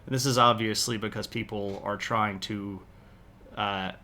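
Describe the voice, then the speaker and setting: A man's voice: on the low side, steady tone, a little slow, bright, forceful tone, a little hiss or hum. A man chatting casually on a history livestream, rambling with many fillers and restarts. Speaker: history streamer.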